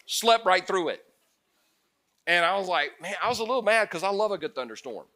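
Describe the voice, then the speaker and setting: A male pastor preaching a sermon, animated, moving between loud bursts and hushed passages. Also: high voice, fairly quick.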